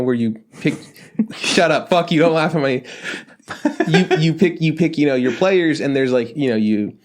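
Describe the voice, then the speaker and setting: A man co-hosting a casual podcast, swearing freely and ribbing his partner. He tells long animated anecdotes in a voice of ordinary middle pitch. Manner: profane, joking, animated storytelling. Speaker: podcast co-host.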